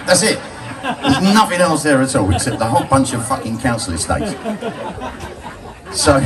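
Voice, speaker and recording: An older man telling crude, cheeky stories live to a bar crowd, laughing at his own jokes. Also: medium pitch. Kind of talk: live stand-up storytelling. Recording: distant mic, loud crowd.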